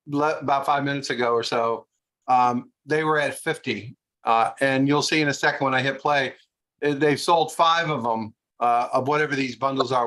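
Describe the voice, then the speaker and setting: Relaxed man explaining a sales clip. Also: mid-range voice, poor audio. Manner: relaxed, explanatory, many "uh" fillers. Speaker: presenter. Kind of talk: explaining a video clip to a class.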